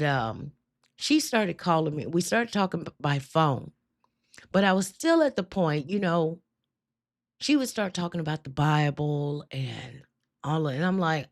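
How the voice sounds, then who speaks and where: A woman hosting a live stream tells her personal testimony in a relaxed, storytelling way. Her voice sits a little low. She acts out her own past words with loose, everyday dialect. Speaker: host.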